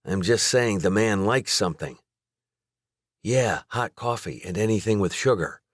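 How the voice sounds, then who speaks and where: A man voicing an earnest, emotional young woman, raising his pitch for her. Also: expressive, measured pace, no echo, clean studio sound. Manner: high, trembling when emotional.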